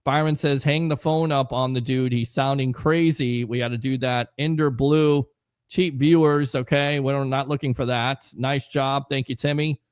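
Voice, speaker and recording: A man's voice: medium pitch, fairly even intonation, normal speed, clean tone, dry recording, clean studio sound. A man hosting a casual sports talk show, reading viewer comments aloud in a loose, chatty way. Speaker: host.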